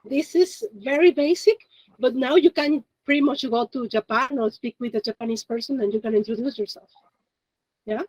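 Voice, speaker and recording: A woman's voice: on the high side, normal speed, darkish tone, no room sound, poor audio. Chatty woman teaching a class. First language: Spanish. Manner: chatty, explains step by step, laughs often. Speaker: Japanese teacher. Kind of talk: classroom lesson.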